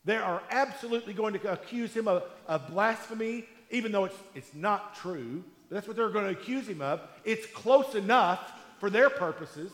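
A man's voice: high-pitched, lively intonation, fairly bright tone. Man preaching in an echoey hall. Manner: conversational storytelling preaching with emphatic pauses. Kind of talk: sermon. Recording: echoey hall with long reverb.

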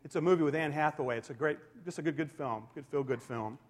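A man in his forties preaching a sermon as a pastor, animated, swinging between loud emphasis and soft asides. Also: a little high, fast. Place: church sanctuary. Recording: reverberant hall sound.

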